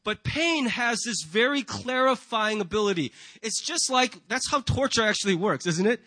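A man's voice: high voice, lively intonation, moderate pace, pushed and bright, dry recording. A man preaching a sermon to a congregation in a church, earnest and emphatic, often asking rhetorical questions. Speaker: pastor.

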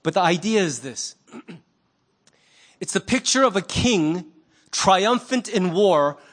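A man preaching a sermon as pastor, conversational and animated, acting out little quoted voices. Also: high voice, slow pace.

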